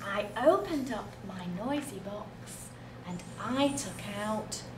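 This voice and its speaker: Slow, encouraging British woman teacher. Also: mid-range voice, expressive, far from the mic. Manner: encouraging, drawn out, sound effects. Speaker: primary school teacher. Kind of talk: leading a children's music class. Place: classroom with children. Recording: echoey classroom from afar, noisy.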